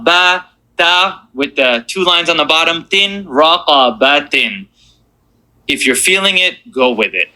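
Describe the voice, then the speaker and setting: A man teaching a beginners' Quran reading lesson, encouraging and drilling each letter sound slowly. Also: on the high side, bright, forceful tone, low-quality recording.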